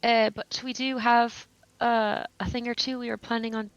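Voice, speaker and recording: A woman's voice: fairly high pitch, level tone, moderate pace, no echo. A woman playing a tabletop game in a casual, amused way. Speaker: player. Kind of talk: casual chat. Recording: dull lo-fi.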